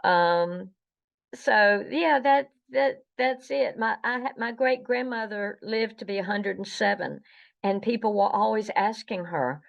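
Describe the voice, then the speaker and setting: A woman's voice: mid-range voice, measured pace, vocal fry, highs cut off. An older woman with a Southern American accent, a podcast guest who talks hesitantly with many fillers and restarts. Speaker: guest, Star Trek historian. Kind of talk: casual interview.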